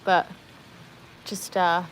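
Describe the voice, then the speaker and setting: A woman from North Wales chatting casually on a livestream, reading out viewer comments in a relaxed, self-deprecating way, recorded outdoors by a pool on a phone with no external mic. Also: extremely slow. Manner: chatty, self-deprecating, walks around the yard. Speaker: livestream host.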